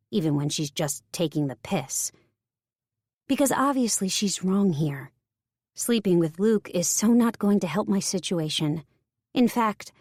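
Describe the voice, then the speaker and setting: Low-voiced woman narrating a romance. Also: a little mellow, no echo, clean studio sound. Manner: wry, self-mocking inner monologue. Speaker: audiobook narrator. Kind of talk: scripted first-person romance narration.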